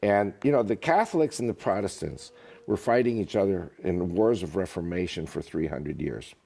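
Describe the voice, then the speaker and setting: A man talking as an interview guest, an author and politician, telling jokes in an animated way. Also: deep voice, normal speed, creaky, breathy edge. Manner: animated, joking storyteller. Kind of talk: casual interview talk.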